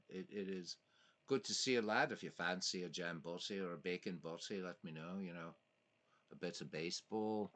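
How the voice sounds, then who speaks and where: Man, lowish voice, casual streamer chat, reads out viewer comments, excitable asides. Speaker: livestream host playing a baseball sim.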